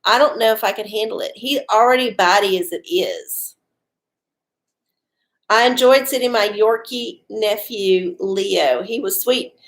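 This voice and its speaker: A woman's voice: medium pitch, unhurried. A woman hosting a casual livestream from home, chatty and profane, often laughing. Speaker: livestream host doing oracle readings. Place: home with dogs.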